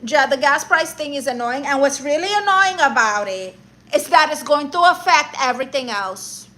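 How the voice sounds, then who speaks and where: A woman's voice: high voice, expressive, moderate pace, sharp tone, low-quality recording. A woman live streaming, reading viewer messages and roasting them in a sassy, mock-arrogant way, dropping Spanish words.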